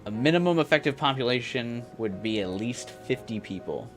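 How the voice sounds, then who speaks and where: Animated man, lively game commentary. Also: medium pitch, moderate pace, soft background music. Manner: casual and joking, muses aloud over the game's story. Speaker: game streamer. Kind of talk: let's play commentary.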